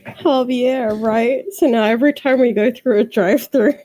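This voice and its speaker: A woman retelling a funny moment to friends in casual chat, animated and giggly. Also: on the high side, moderate pace.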